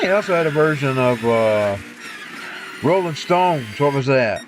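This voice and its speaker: A man chatting casually on a livestream, rambling and pausing to recall details. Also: medium pitch, lively intonation. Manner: rambling, folksy, trails off to recall things. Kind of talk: casual chat between singing. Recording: noisy background.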